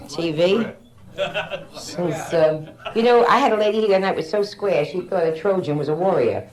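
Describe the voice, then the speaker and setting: A woman's voice: deep voice, animated, normal speed, a crowd in the background. A middle-aged woman doing bawdy stand-up comedy in a nightclub, teasing the audience on a handheld mic. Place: nightclub stage with live audience. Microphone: handheld stage mic. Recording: roomy early-1960s live club recording with music.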